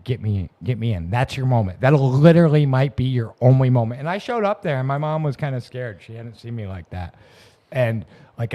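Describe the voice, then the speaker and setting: In a podcast room, a man with a warm, mid-range voice tells the story of his recovery. It comes out as casual storytelling, rambling and profane, with many restarts along the way.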